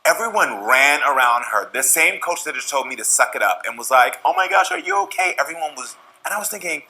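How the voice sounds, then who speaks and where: A man's voice: mid-range voice, expressive, fairly quick, pushed and bright, poor audio. A man from a TV show cast, telling a personal story in an interview in an earnest, reflective way.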